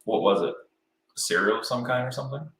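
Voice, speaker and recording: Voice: medium pitch, fairly quick, fairly bright tone, echoey room, slight background noise. A podcast co-host chatting casually, chiming in with playful jokes and acted-out quotes. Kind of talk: casual chat.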